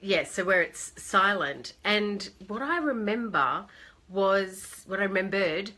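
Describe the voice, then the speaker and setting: A woman's voice: medium pitch, animated, slow pace, sharp tone. A woman hosting a casual live stream from her phone, chatting with viewers by name and laughing often.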